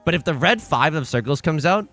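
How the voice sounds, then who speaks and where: A young man with a fairly high voice speaks a little fast while streaming online mahjong, chatting and commenting casually over faint background music. He's excitable and self-deprecating, laughing frequently and jumping from loud outbursts to muttered asides.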